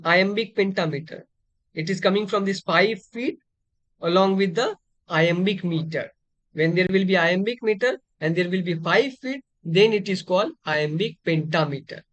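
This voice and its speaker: A man's voice: sits high, dry recording. A man teaching a literature lecture, explaining terms step by step with frequent fillers and restarts. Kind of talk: exam-prep lecture.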